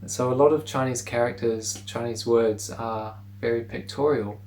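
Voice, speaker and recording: A man teaching pronunciation in a relaxed video lesson, repeating words slowly for the listener to say along. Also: mid-range voice, slight background noise, poor audio.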